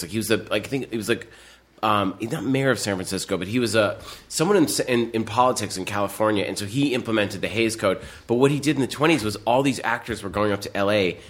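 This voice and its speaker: Man, fairly low voice, rambling storyteller, lots of "like", casual podcast guest. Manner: rambling, animated anecdotes with many fillers. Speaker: guest filmmaker.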